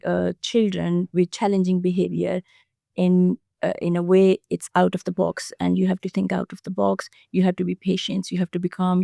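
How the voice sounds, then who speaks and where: Low, gravelly-voiced foster carer woman. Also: dark tone, no room sound, studio quality. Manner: earnest, halting with frequent fillers and restarts. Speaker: foster carer, podcast guest. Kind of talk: casual podcast conversation.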